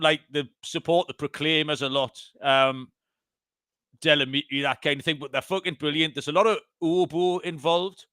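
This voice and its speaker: A man's voice: fairly high pitch, sharp tone, no room sound, clean studio sound. A man co-hosting a betting podcast in casual chat, joking and swearing. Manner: swears, laughs often, jokey. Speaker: podcast co-host.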